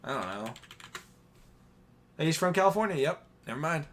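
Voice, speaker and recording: A man's voice: a little high, animated, moderate pace, a crowd in the background. A man co-hosting a live stream, chatting casually about football, rambling and hesitant with frequent laughs. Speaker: podcast co-host.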